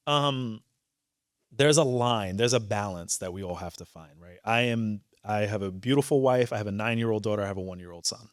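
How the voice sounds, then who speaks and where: A man's voice: medium pitch, no echo, clean studio sound. A man in his thirties with a New York accent, a judge telling stories candidly and earnestly in a conversation before an audience. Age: 30s. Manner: animated, candid and earnest, quick restarts. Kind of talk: conversational storytelling on stage.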